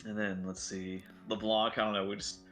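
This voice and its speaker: Rambling, swearing man, bright voice. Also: on the low side, little pitch movement, moderate pace, soft background music. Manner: rambling, swears a lot, many fillers. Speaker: tabletop game player. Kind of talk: casual chat.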